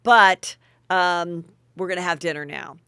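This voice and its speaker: A woman's voice: lowish voice, unhurried, sharp tone, clear, resonant tone, dry recording, studio quality. Chatty woman gossip podcast host. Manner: chatty, sarcastic asides. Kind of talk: gossip commentary.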